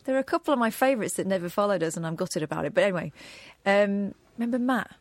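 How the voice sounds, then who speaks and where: A woman co-hosting a late-night radio phone-in, talking in a quick, earnest, reflective way. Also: mid-range voice, animated. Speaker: radio co-host. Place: radio studio.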